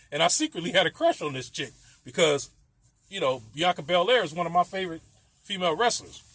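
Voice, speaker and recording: A man's voice: a little high, big pitch swings, brisk, a bit bright. A middle-aged man telling a casual story, profane and rambling, laughing often.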